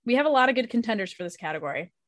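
A woman hosting a casual podcast chat, talkative and quick to laugh. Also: on the high side, expressive, fairly bright tone, no echo, studio quality. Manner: chatty, laughs easily. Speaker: podcast host.

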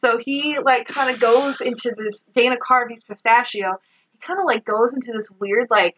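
A woman co-hosting a podcast, recapping a movie in animated casual chat, laughing often and saying "like" a lot. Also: a little high, normal speed, lo-fi sound, a little hiss or hum. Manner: animated, laughing, heavy use of "like". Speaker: podcast co-host.

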